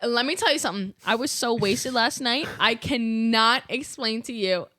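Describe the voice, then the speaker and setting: A woman's voice: a little high, normal speed, pushed and bright. Woman putting on a fake British accent. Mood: playful. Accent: put-on British. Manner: playful, exaggerated fake accent. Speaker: podcast co-host. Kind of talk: casual chat.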